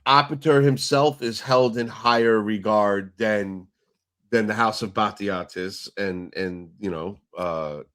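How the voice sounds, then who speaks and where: A man's voice: fairly low pitch, measured pace, a bit bright, clear, resonant tone. A man co-hosting a casual TV recap chat, steadily explaining the plot step by step. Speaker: podcast co-host.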